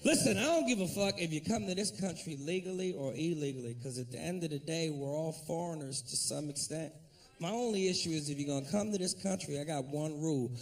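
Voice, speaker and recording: Brash, profane stand-up comedian, high gravelly voice. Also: male voice, a little fast.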